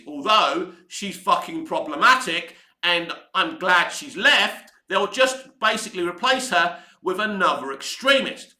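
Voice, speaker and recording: A man in a furious, foul-mouthed rant, his voice pitched high and cutting bright. He is getting hoarse, and the room around him rings with echo. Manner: heated, sweary, ranting. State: voice going hoarse. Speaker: online commentary host. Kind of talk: angry opinion rant.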